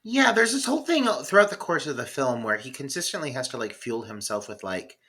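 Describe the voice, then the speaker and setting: A man's voice: medium pitch, very animated, fairly quick, bright, forceful tone, slightly rough. A man co-hosting a podcast, chatting casually about a film in a rambling, profane way, full of "like" fillers. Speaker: podcast co-host. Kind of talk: casual film review chat.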